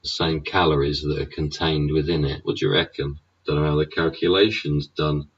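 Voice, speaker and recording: A man's voice: a bass voice, steady tone, fairly quick, husky, recorded from a distance. An English man in a sweary, sneering political rant, throwing in "yeah?" and "innit?" as he goes. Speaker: vlogger. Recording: dull sound, away from the mic.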